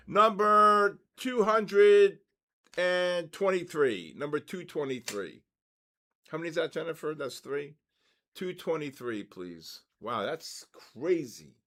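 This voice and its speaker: Excitable man hosting a livestream giveaway. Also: on the high side. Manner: excitable, calls out numbers and names, exclaims loudly. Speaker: livestream host running a giveaway. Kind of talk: casual livestream chat.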